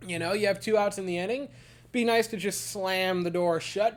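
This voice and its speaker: A man's voice: high voice, fairly quick. Exasperated man ranting about baseball. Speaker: baseball fan commentator. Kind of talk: game recap monologue.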